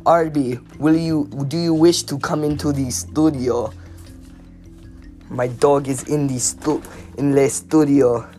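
A young woman rambling on her own podcast at home, stuttering and repeating words, self-mocking and bursting out loud between mumbles. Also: low-pitched, steady tone, slow, faint music behind. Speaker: podcast host. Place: home recording studio room with her dog.

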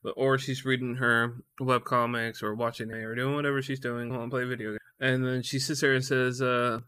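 A man's voice: medium pitch, flat delivery, a little fast, sharp tone, clean tone. A young man tells a casual story in a rambling, profane way and stumbles over his words. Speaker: vlogger.

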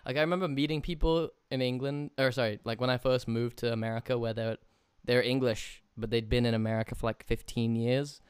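A young man chatting casually with a friend, relaxed, laughing often and swearing freely. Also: medium pitch, brisk, hardly any pauses, clean tone, dry recording, clean studio sound. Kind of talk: casual chat.

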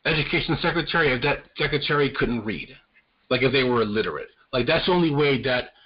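A man's voice: medium pitch, husky. A man hosting a podcast, giving casual political commentary in a heated, profane ranting manner. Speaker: podcast host. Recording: slightly muffled lo-fi audio.

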